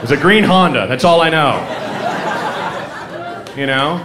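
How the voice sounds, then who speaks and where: A man doing a rambling, self-mocking stand-up routine, breaking into loud mock singing. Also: fairly high pitch, lively intonation, measured pace, background noise. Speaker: stand-up comedian. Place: comedy club stage. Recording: live club recording, roomy, crowd laughter.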